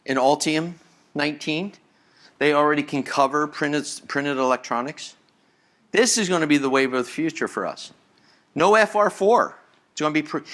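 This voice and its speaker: On stage in a conference hall with listeners present, a man with a high, sharp voice talks as a senior engineer. He sounds excited and casual, often going back over words and starting again.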